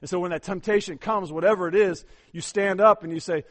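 Male pastor with a slightly high voice, emphatic sermon delivery, repeats words. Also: fairly even intonation, fairly quick, hardly any pauses. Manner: emphatic, urging the congregation, frequent repeated words.

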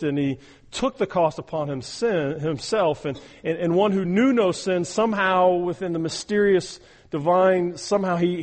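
Earnest pastor preaching in a reverberant hall. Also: male voice, sits high. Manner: earnest, repeats words when starting sentences, frequent okay and all right. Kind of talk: sermon.

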